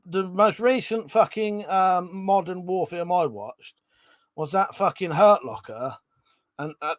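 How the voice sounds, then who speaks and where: A man's voice: high voice, dry recording. A man chatting casually on a live stream, reading out chat messages and swearing freely.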